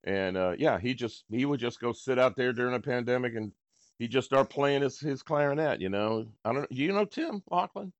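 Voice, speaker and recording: A man's voice: medium pitch, animated, moderate pace, dry recording, muffled recording. An older man, hosting a podcast in a rambling, laid-back drawl. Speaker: podcast host. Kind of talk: casual chat and read ads.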